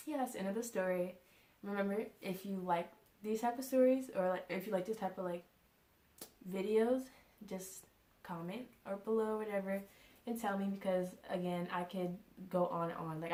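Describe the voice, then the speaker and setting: A woman's voice: medium pitch, warm tone. A young woman vlogger telling a casual storytime, rambling and full of fillers like "like" and "you know". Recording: echoey room.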